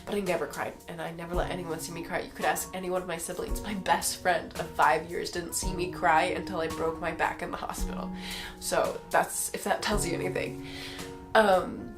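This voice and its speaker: A woman's voice: fairly low pitch, level tone, normal speed, music in the background. A woman giving a personal faith testimony to the camera, talking earnestly and emotionally straight to her viewers.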